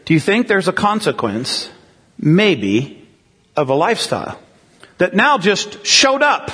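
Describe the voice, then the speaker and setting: Guy preaching, chatty, keeps asking the crowd if they're with him, slightly high voice, big echoey hall. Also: huge pitch swings, a little slow, pushed and bright, slightly rough. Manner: conversational, asks the crowd questions. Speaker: pastor. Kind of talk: sermon.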